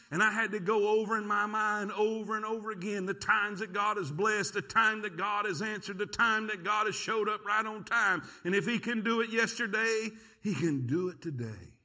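A middle-aged man preaching a sermon in a church, telling a folksy story and calling out to the congregation. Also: sits high. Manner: animated, folksy, talks to the congregation. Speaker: pastor. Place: church sanctuary.

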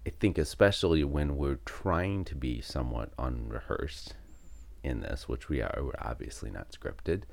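A man co-hosting a casual podcast, thoughtful and dry, pausing with ums while he builds a thought. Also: very deep voice, animated, gravelly, darkish tone. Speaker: podcast co-host. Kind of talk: casual unscripted chat. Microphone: podcast mic, speaking a bit far from it.

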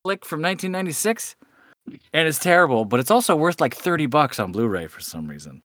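A man throwing out character ideas on a podcast, swinging his pitch widely and laughing at himself. His voice is bright and sounds close and dry. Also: brisk, no room sound. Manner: animated, laughing, self-deprecating. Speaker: player. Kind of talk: casual podcast chat.

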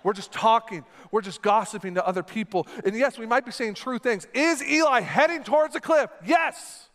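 A man preaching a sermon in a church, talking in an animated, conversational way while he acts out a scene with a volunteer on stage. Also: extremely high pitch, normal speed. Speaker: pastor. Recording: long hall reverb with faint music.

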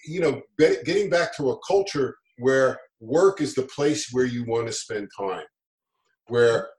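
A man's voice: medium pitch, animated, unhurried, a little mellow. A middle-aged man hosting a conversation, speaking in an upbeat, motivational way with frequent fillers. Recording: roomy echo.

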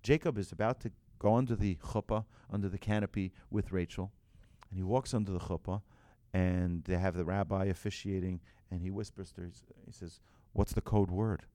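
Animated man preaching a story sermon. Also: low voice, fairly quick, few pauses, no echo. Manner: animated, acts out voices, restarts phrases. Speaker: rabbi.

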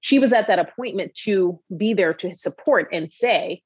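A woman physician on a talk show, telling a patient story in an animated, conversational way with many asides. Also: mid-range voice, fairly quick, hardly any pauses, slightly rough, no echo, dull audio. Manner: animated storyteller, frequent "you know" asides. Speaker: obesity medicine physician guest.

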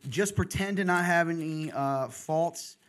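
Middle-aged male podcast host, a touch high-pitched; candid, passionate, conversational. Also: measured pace, fairly bright tone. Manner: passionate, candid, talks in bursts. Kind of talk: casual chat.

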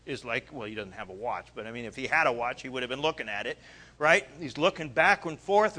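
A male preacher retelling a story in a sermon, animated, swinging between loud bursts and quiet asides. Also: mid-range voice, fairly quick.

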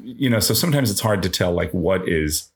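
A podcast co-host talks in an easy, rambling way, full of fillers and jokes. His low voice is gravelly with fry, and it swings widely up and down as he talks. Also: lively intonation, brisk. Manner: rambling, joking, frequent fillers. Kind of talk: casual chat.

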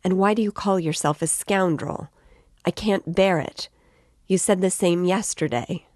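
A woman's voice: low voice, normal speed, darkish tone, no echo, clean studio sound. A woman reading the part of an anxious, tender middle-aged mother, her voice lifting into plaintive pleas. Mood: pleading.

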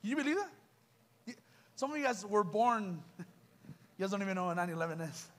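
High-voiced young man preaching fervently. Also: expressive, a little fast. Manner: impassioned, rhetorical questions to the crowd. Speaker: youth preacher. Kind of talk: sermon. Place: church youth event.

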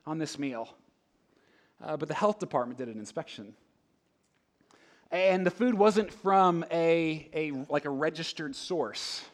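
High-voiced pastor, conversational sermon. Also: male voice. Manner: conversational, many rhetorical questions, swings between loud and hushed.

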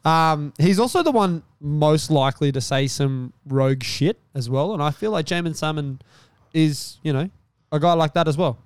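Male podcast co-host, upbeat banter, higher smooth voice, dry close mic. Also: moderate pace, no room sound. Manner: upbeat, joking, animated.

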